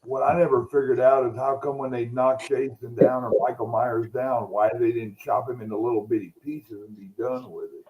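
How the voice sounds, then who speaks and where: A man's voice: mid-range voice, steady tone, brisk, hardly any pauses, a little hiss or hum. A man in a casual group chat, talking in a folksy, tough, joking way. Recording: dull lo-fi audio.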